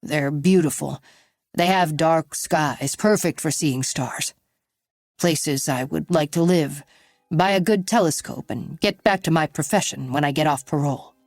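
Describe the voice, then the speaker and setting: A woman's voice: low-pitched, measured pace, a little mellow, dry recording. A woman reader voicing a nervous, defensive man pleading his innocence in an audiobook. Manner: nervous, whiny.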